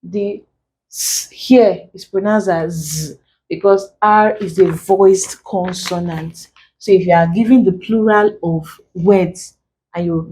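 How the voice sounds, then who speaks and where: A woman gives an exam-prep pronunciation lesson, taking her time and saying each example word more than once. Her voice sits fairly low, and her pace is unhurried. A faint hiss of noise runs under the recording. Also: warm tone, poor audio. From Nigeria. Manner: slow, deliberate, repeats example words. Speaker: English tutor.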